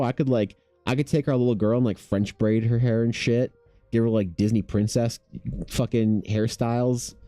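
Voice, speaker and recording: A man in his thirties chatting casually while streaming his art, laid-back, swearing freely and mimicking people in a higher voice. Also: mellow, dry recording. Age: 30s. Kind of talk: casual chat with chat.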